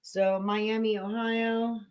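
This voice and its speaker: Going through her picks on a live sports betting stream, this host chats casually and thinks out loud for her viewers. She speaks slowly in a fairly high, clean, slightly mellow voice with little pitch movement.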